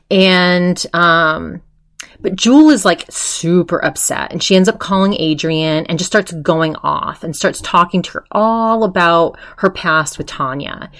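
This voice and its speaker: A woman's voice: fairly low pitch, measured pace. A woman hosting a podcast, chatting casually as she retells a story, full of fillers and quoted voices. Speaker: podcast host.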